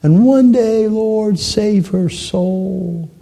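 A man in his sixties voicing an aged, stooped male evangelist who prays in a slow, drawn-out, pleading voice. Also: high voice, creaky, mellow, voice pushed up, exaggerated voice. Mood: tender.

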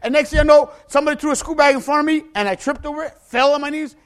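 A man telling a dramatic personal story, acting out the people in it and bursting into shouts at the tense moments. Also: extremely high pitch, steady tone, rapid-fire. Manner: acts out the people in his story. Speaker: storyteller giving a personal testimony.

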